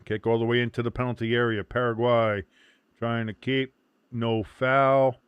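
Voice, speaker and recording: Male watch-along host, mid-pitched, dry close sound, loose and profane play-by-play. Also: level tone, moderate pace, clean tone, no room sound, dull audio. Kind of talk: casual live game commentary.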